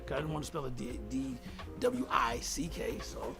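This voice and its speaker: A man's voice: medium pitch, sing-song, normal speed, gravelly, loud music behind the voice. A middle-aged man telling a studio story in an interview clip, acting out quotes in a raised voice and laughing often. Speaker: hip-hop producer telling a studio story.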